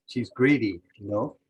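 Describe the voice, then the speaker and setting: A man's voice: lowish voice, husky, low-quality recording. A man teaching a language lesson over a video call, methodically walking through example sentences step by step.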